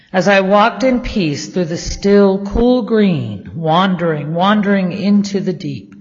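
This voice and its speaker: A man, a state legislator, slowly reciting a devotional poem as the opening prayer, gentle and measured, letting line ends fall to a hush. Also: high-pitched. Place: legislative chamber. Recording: dull, echoey chamber audio.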